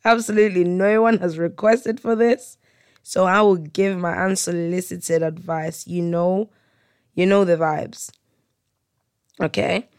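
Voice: medium pitch, creaky, clean tone, no echo. A podcast host chatting alone in a hotel room, telling stories with comic exaggeration and bursts of laughter. The voice sits mid-range and sounds dry and close. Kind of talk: solo storytelling chat.

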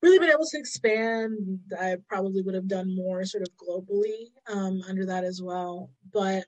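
A woman's voice: medium pitch, moderate pace, poor audio. A woman poet, a guest on a podcast, answering questions in a casual and thoughtful way.

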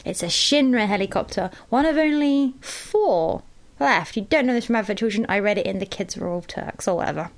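A woman's voice: mid-range voice, lively intonation, a little fast. A tipsy woman co-hosting a podcast, giggling and teasing her husband in casual chat. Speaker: podcast co-host. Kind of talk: casual chat, joking recap.

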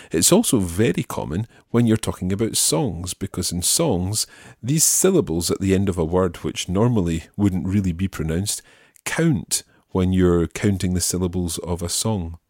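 A man teaching French phrases in a calm studio voice, repeating each phrase slowly and clearly. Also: low-pitched, no echo. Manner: slow careful repetition of phrases. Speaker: language teacher.

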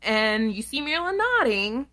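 A woman co-hosting a casual podcast, recapping a reality show with lively swearing and voicing the people she quotes. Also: unhurried. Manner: animated, acts out quoted people in shrill voices, laughs, swears. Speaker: podcast co-host.

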